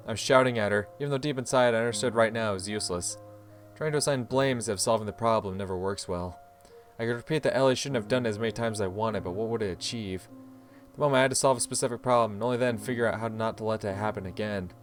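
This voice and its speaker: A man's voice: on the low side, quick pace, faint music behind. A man hosting a game playthrough, reading the story aloud expressively with swearing asides. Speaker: let's play host.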